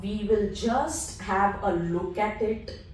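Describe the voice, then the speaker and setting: A woman teaching a French pronunciation lesson, drilling each word slowly by repetition. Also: medium pitch, soft background music. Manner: slow, drilling words by repetition. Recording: very echoey room, mic at a distance.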